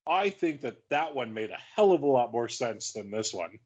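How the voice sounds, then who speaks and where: Podcast dude joking around and cussing, argues hard. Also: male voice, mid-range voice, very animated, normal speed, a little mellow, slightly rough. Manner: profane, joking, argumentative. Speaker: podcast co-host. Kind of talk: casual podcast banter.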